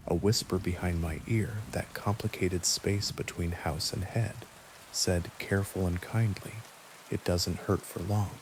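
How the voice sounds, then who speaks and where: A man calmly narrating a first-person horror story in a measured, quiet way. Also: low-pitched, slight background noise, rough recording. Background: steady rain.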